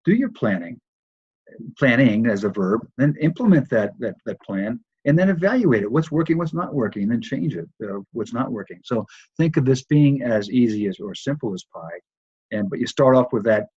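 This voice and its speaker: A man's voice: mid-range voice, expressive, normal speed, darkish tone, slightly rough, no room sound, dull audio. A man teaching a recorded course, talking loosely with many restarts and repeated words. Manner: loose, repetitive delivery with frequent restarts. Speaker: course instructor.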